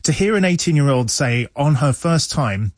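A male guest on a radio panel argues his view with emphasis and conviction. His voice is mid-pitched and husky, recorded dry and close. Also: expressive, moderate pace, no echo. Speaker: studio guest commentator.

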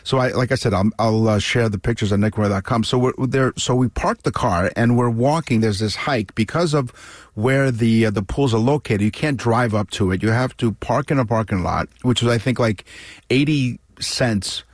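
A man from Canada co-hosting a radio talk show, telling a travel story in a chatty, animated way with frequent restarts. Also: mid-range voice, moderate pace, no room sound, clean studio sound.

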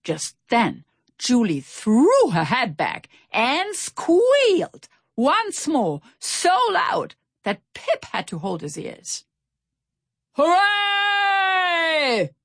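A woman reading a children's storybook aloud in an expressive, animated way. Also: fairly high pitch, slow pace, creaky, breathy edge, no room sound, clean studio sound. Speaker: narrator. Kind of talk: storybook narration.

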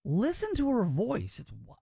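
A man's voice: very high-pitched, a little slow, gravelly, husky, no echo. A man hosting a radio talk show, talking in a casual, wry way and often restarting his sentences. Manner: animated, wry, with many restarts.

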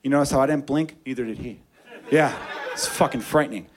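A man's voice: mid-range voice, a little fast. A man telling a story in stand-up, profane and self-mocking. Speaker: stand-up comedian.

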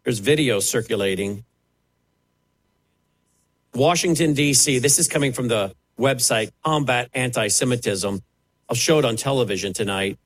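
A man's voice: mid-range voice, a bit bright. A man preaching a sermon as a television preacher, emphatic and dramatic, swinging sharply up and down as he drives his points.

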